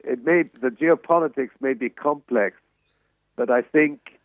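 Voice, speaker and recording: A man's voice: medium pitch, no room sound. Older man on a tinny phone line. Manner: halting, many restarts and fillers. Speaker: interview guest, author and emeritus economics professor. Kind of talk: radio interview answers.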